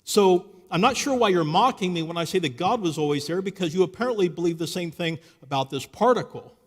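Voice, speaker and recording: A man with a high voice gives a live apologetics talk in a large church hall. He tells the story as he goes and keeps asking his listeners rhetorical questions. A long reverb trails behind every phrase. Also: animated, brisk. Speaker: Christian apologetics speaker.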